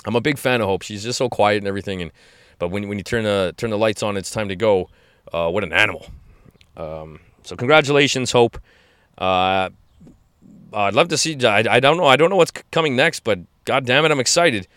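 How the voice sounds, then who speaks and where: 40s guy on a podcast, lowish voice, gushing about fighters, lots of "man" and restarts. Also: lively intonation, a little fast, a bit bright, clean tone, no room sound, studio quality. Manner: enthusiastic, rambling with many restarts and "man". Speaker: podcast host. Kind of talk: casual fight-recap chat.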